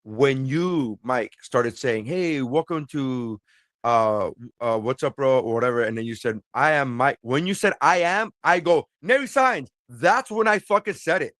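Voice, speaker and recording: Man, podcast co-host, mid-pitched, rambling and profane, dry close sound. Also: measured pace, fairly bright tone, no room sound. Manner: rambling storyteller, swearing, acting out quotes. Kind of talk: casual podcast chat. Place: remote call from a cruise ship.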